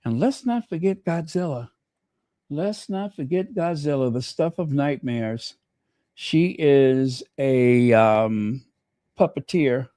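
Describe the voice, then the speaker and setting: A man's voice: mid-range voice, expressive, slow pace, dark tone, no room sound. A man hosting his own channel in casual live commentary, chatty and thinking aloud as he reads viewer comments. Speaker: channel host.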